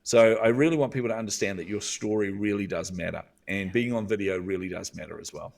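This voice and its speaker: New Zealand male guest, earnest storyteller, lowish pitch, mic at some distance. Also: quick pace, vocal fry, darkish tone. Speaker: guest, visibility coach. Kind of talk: storytelling in a podcast interview.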